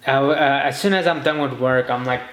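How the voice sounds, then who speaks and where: A man's voice: medium pitch, a little fast, a bit bright, echoey room, low-quality recording. A man rambling through a personal story in a monologue. He often restarts and quotes himself and others. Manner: rambling, full of restarts and quoted inner speech. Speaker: podcast host.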